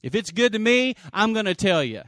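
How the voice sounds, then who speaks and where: Man, pastor preaching a sermon, calls for amens, loud bursts and soft asides, slightly high voice. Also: a little fast, no echo, studio quality. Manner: animated preaching, swinging from loud exclamations to quiet asides; calls for audience response.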